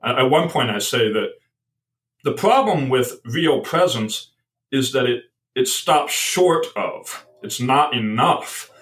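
A man's voice: medium pitch, animated, a little slow, a bit bright, far from the mic, poor audio. Hesitant, thoughtful man, off-mic. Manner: thoughtful, hesitant, many restarts. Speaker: guest author. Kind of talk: podcast conversation.

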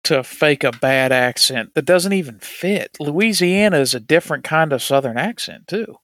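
A man's voice: on the high side, expressive, moderate pace, a bit bright, no room sound, studio quality. A man co-hosting a casual sports talk show, laid-back and agreeable. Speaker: podcast co-host.

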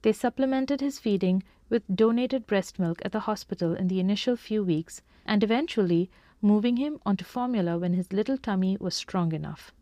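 A woman reading a scripted narration in an even, measured way. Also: medium pitch, no echo, studio quality.

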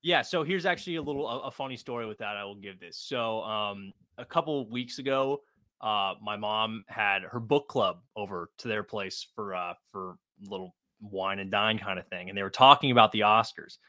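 Bright-voiced joking sports podcast guy. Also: on the low side, moderate pace, dry recording, clean studio sound. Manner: animated, joking, swears casually. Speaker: podcast co-host. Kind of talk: casual sports chat.

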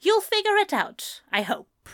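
A bold young woman from a read-aloud story, brash and teasing, fiercely protective of her friends, as a woman reader puts her on. Her voice rides higher and louder than the narration, close and dry. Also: big pitch swings, measured pace, dry recording, full character voice.

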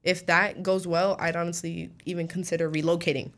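A woman's voice: lowish voice, flat delivery, a little fast, fairly bright tone. A young woman from New Jersey chatting with animation as a student co-host, laughing often. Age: young adult. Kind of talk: casual chat.

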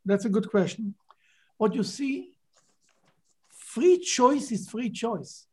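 A man's voice: very high-pitched, big pitch swings, takes it slowly, slightly rough. Man, Bible class teacher, emphatic, rhetorical questions. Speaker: rabbi teaching a Torah class.

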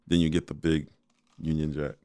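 Very deep-voiced man in casual chat. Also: level tone, normal speed, dark tone, clean tone, no room sound, clean studio sound. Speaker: podcast co-host.

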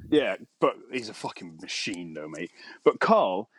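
A man's voice: sing-song, unhurried, breathy edge. A man co-hosting a podcast, rambling and swearing through casual banter. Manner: rambling, sweary, swings into high mocking voices. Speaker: podcast co-host.

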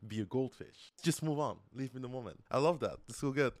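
A man's voice: medium pitch, animated, a little fast, no room sound. Brief: eager male podcast co-host, dry close mic. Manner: eager, enthusiastic, laughs often. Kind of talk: casual chat.

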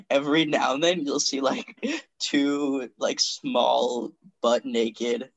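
A man with a gravelly, fry-heavy voice talks loosely on a comedy podcast and pads his stories with fillers. The sound is dry and close, with no room around it. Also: mid-range voice, fairly even intonation, slow, no room sound. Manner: rambling, lots of "like" fillers. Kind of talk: casual comedic chat.

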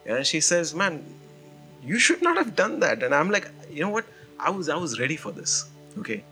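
Male pastor, animated sermon storyteller, bright tone over soft music. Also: on the high side, moderate pace. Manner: animated storytelling, frequent "you know" and "man".

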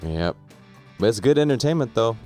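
A man's voice: mid-range voice, expressive, normal speed, mellow, faint music behind. A laid-back man co-hosting a podcast, chatting casually and reacting to stories. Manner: laid-back, easygoing, laughs along. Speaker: podcast host.

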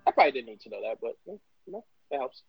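A man co-hosting a sports podcast, chatting casually with lots of fillers and quick laughs. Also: medium pitch, big pitch swings, husky, soft background music. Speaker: podcast co-host. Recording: dull, dry sound.

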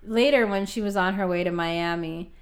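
Woman podcast co-host, casual chat, animated retelling with voice impressions. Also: on the low side, moderate pace. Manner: animated storyteller, acts out voices.

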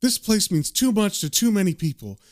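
A man's voice: high voice, big pitch swings, normal speed, voice pushed up. A man voicing a grieving older woman who runs a pub and refuses to leave it. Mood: pleading. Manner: pleading, then defiant. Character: grieving woman pub manager, stubborn and tearful.

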